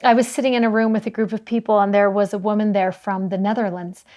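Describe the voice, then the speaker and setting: A woman co-hosting a scripture study discussion, telling stories earnestly and slowing down to stress key words. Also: medium pitch, little pitch movement. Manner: earnest, warm storytelling with slowed emphasis. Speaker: co-host of a scripture study show.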